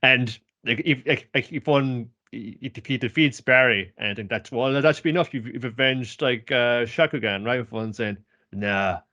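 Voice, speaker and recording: An easygoing podcast co-host in a mid-pitched male voice, chatting loosely. He rambles, restarts and trails off, with casual swearing mixed in. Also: moderate pace, hardly any pauses, pushed and bright, dry recording, dull audio. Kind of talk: casual chat.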